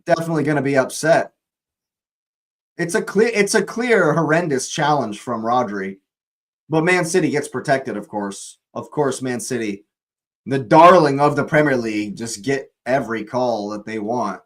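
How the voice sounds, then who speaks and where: A man's voice: medium pitch, animated, normal speed, low-quality recording. A young man hosting a live football watch-along, ranting angrily at the referee, swearing and repeating himself.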